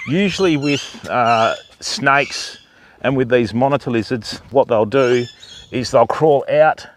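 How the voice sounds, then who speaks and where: A man's voice: mid-range voice, a little hiss or hum. An Australian man hosting a live stream outdoors at a wildlife park, chatting with viewers and talking up to the animals in a raised voice. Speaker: livestream host.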